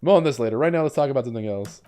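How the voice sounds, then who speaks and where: A young man streaming a video game, commenting and reading its text aloud, swinging from deadpan asides to shrieking outbursts. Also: medium pitch, rapid-fire.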